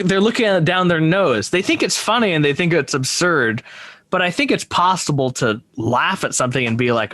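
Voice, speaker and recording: A man's voice: fairly high pitch, a bit bright, no echo. A man co-hosting a podcast, musing about films in casual chat, often restarting his sentences and trailing off. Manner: rambling, full of restarts and hesitations. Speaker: podcast co-host. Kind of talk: casual film discussion.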